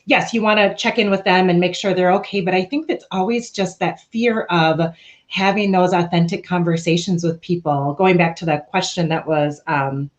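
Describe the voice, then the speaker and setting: Candid woman with a lowish voice. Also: moderate pace. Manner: candid, questioning, with frequent tag questions. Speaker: panelist. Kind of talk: reflective panel discussion.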